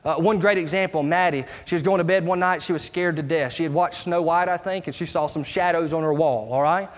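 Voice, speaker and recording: A middle-aged man preaching a sermon as pastor, asking his congregation rhetorical questions in an animated way. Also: a little high, fairly quick. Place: church sanctuary. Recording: live church recording with reverb and music.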